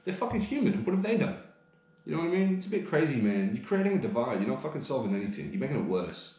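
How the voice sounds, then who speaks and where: A man's voice: medium pitch, sing-song, quick pace, a little mellow. An Australian man co-hosting a podcast, ranting heatedly and swearing freely in casual chat. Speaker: podcast co-host. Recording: echoey room.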